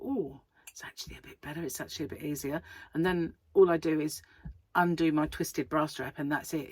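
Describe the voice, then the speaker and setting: A woman's voice: sits low, dry recording. A middle-aged woman, chatting casually and rambling to camera as a crochet vlogger, laughing often.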